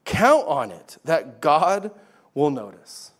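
A man's voice: on the high side, big pitch swings, slow, full character voice. A man voicing a teacher who firmly corrects his followers with an emphatic rebuke. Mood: stern.

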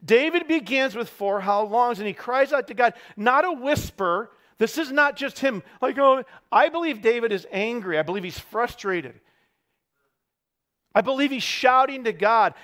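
High-voiced man preaching a sermon. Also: lively intonation, normal speed. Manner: builds to shouting peaks, wry asides about parenting. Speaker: pastor.

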